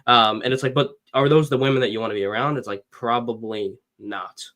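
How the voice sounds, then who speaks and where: A man giving dating advice as a coach in a casual podcast chat, animated, acting out quotes and swearing casually. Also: medium pitch, a little fast.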